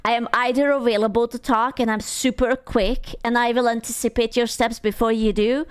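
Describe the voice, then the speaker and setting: A woman's voice: on the high side, fairly even intonation, a little fast, clear, resonant tone. A woman streamer chatting casually with her viewers, playful, swearing freely and laughing often.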